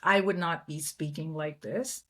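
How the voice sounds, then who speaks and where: A woman from India, a guest in an interview, telling stories in an animated way and acting out the voices of people she quotes. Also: deep voice, unhurried. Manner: animated storyteller who acts out quoted voices. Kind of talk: conversational interview.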